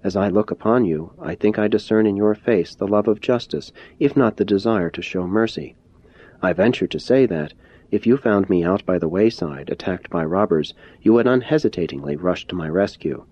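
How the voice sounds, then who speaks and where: A man reading the lines of a gentle, persuasive adult male teacher in a measured, earnest and courteous manner. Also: low voice, dry recording. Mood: gentle, probing. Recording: dull lo-fi recording.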